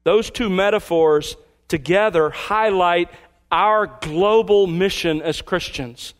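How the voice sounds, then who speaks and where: A man with a high voice delivers a sermon like a teacher. He explains patiently and stretches out the words he wants to stress. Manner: emphatic, teacherly, slows down on key phrases. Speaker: pastor.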